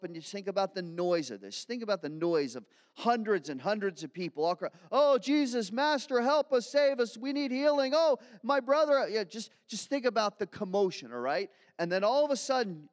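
A male pastor from Philadelphia giving a conversational, self-deprecating sermon. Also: a little high. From Philadelphia, USA. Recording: long hall reverb.

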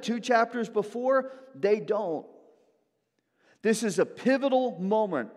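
A male pastor delivers a sermon with a somewhat high-pitched voice. He drives his points with rising force and then pulls back to a near hush. His words carry a long reverb, as in a large sanctuary. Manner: emphatic preaching, swinging between hushed and loud.

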